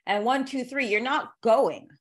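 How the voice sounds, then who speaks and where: A woman's voice: a little high, a little slow. A woman hosting a podcast, chatting casually in a blunt, profane way and laughing often. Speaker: podcast host. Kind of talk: casual chat.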